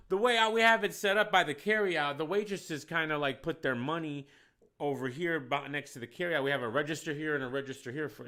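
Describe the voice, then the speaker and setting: High, bright-toned man from Detroit, bar manager, heated profane storyteller. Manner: heated, profane, swings from quiet to shouting.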